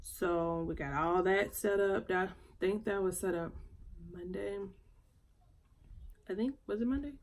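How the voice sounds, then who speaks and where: A woman, chatting casually while doing her makeup for a vlog, soft-spoken and halting as she talks through grief. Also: medium pitch. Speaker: beauty vlogger. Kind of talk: casual get-ready-with-me chat.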